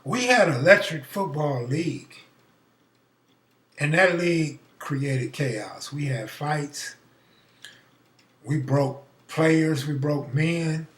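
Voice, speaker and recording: Man, middle-aged, casual storyteller, profane, fairly high voice, bright tone. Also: slow, pauses often, reverberant, distant mic. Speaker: live stream host.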